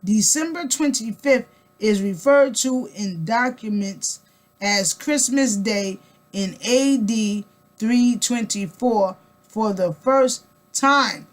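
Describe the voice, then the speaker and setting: A woman's voice: a little high, takes it slowly. A woman vlogger in a casual spoken monologue, emphatic and colloquial, repeating words and firing rhetorical questions at the listener. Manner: colloquial, rambling with restarts.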